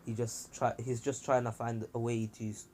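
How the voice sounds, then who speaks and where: A man's voice: mid-range voice, level tone, moderate pace, darkish tone, slight background noise. A man casually narrating a fan-made story as a channel host, chatty and rambling with fillers and slang.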